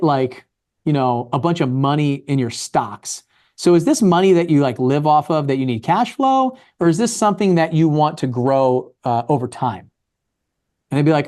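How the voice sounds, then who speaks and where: A man's voice: fairly high pitch, lively intonation, normal speed, darkish tone. A man from Maryland giving a casual real estate talk, acting out both sides of conversations with investors. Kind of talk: casual talk with acted dialogue.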